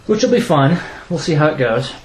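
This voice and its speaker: A man co-hosting a gaming podcast, talking in a casual, rambling way with halting restarts. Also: on the high side, very animated, reverberant, a little hiss or hum, poor audio. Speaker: podcast co-host. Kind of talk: casual chat.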